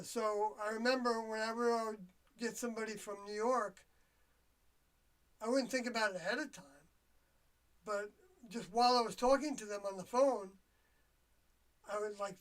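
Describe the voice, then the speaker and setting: An older livestream host, talking alone in a loose, confiding monologue, with mid-range pitch. The speech comes in halting, trailing phrases as the speaker searches for words. The voice sits a little back from the microphone. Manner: reflective and confiding. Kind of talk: rambling solo livestream monologue. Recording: voice a bit distant from the mic.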